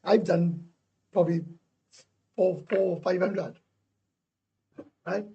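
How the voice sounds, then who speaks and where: A man's voice: sits high, steady tone, takes it slowly, warm tone, breathy edge, highs cut off. A man with a Welsh accent chatting casually on a livestream, bluntly answering viewer comments, swearing freely and repeating himself. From Wales. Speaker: livestream host. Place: indoors, living in Thailand.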